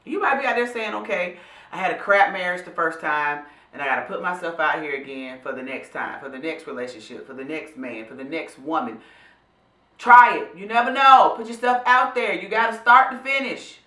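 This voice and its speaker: A woman talks to her viewers in an animated, preachy way, calling them y'all. Her voice is bright and forceful. The room around her sounds roomy and echoey. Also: lowish voice, fairly quick. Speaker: vlog host and professional speaker. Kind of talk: motivational casual talk to camera.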